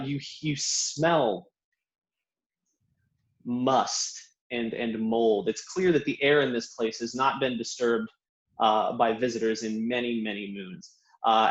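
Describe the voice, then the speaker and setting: A man as game master, narrating a tabletop game scene in descriptive detail with many fillers. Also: medium pitch. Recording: dull lo-fi recording.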